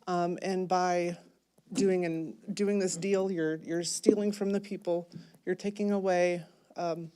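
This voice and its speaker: A woman giving a public comment at a city planning meeting, earnest and halting, repeating words as she goes. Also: fairly low pitch, level tone, mellow, smooth.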